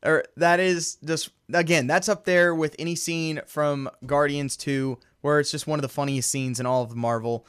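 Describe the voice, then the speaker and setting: A man co-hosting a podcast in casual chat, animated and quick to act out movie lines. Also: on the high side, smooth. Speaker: podcast co-host.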